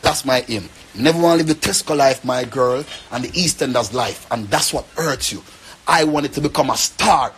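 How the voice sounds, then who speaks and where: A man's voice: mid-range voice, normal speed, fairly bright tone, slight background noise. A young man with a Jamaican accent, rambling and pleading in an emotional rant to the camera. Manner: pleading, rambling, repeats himself.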